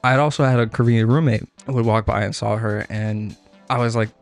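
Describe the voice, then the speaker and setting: A man's voice: lowish voice, fairly even intonation, brisk, vocal fry, soft background music. A young man telling a long, profane story to his chat. He rambles and piles up filler words, and he laughs at his own story.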